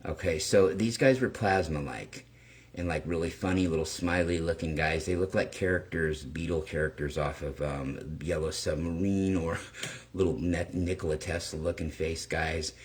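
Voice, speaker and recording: A man with a very low voice tells a long personal story on his own channel. He rambles, doubles back, and keeps checking in with his listeners. He swears casually as he goes. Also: steady tone, normal speed. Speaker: channel host.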